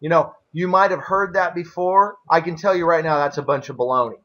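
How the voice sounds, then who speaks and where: A slightly high-voiced man hosts a relaxed interview, explaining things plainly and at length with homely asides. The audio is dull and lo-fi. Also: fairly quick. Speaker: interview host, former elder. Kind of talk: casual conversational interview.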